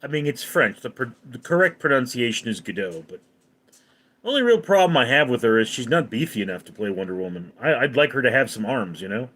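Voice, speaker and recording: A man's voice: medium pitch, lively intonation, fast, a bit bright. A man hosting a casual live stream, reading viewer comments aloud and answering them offhandedly. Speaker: livestream host.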